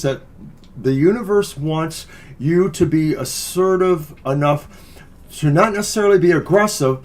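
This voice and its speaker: A man's voice: fairly high pitch, a little mellow. A man co-hosting a live tarot reading, giving earnest, encouraging card messages in a loose, casual way. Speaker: tarot reader co-host.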